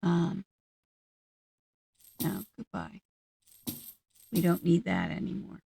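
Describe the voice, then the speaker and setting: A woman giving casual gameplay commentary, musing aloud to herself at an unhurried pace. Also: on the low side, very animated, vocal fry, mellow, breathy edge. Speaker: gaming channel host.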